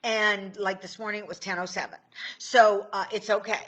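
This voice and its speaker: A woman's voice: medium pitch, steady tone, moderate pace, fairly bright tone. A middle-aged woman from Indiana talking casually on a livestream as a tapping coach, chatty and joking, often cutting herself off mid-sentence. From Indiana, USA. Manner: chatty, joking, self-interrupting. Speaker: tapping and law of attraction coach.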